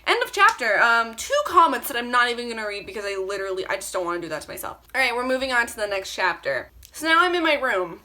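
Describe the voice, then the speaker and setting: Woman vlogger, self-mocking and sarcastic, higher-pitched voice, bright. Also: sing-song, fast, hardly any pauses. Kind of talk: reading old fan fiction aloud with commentary.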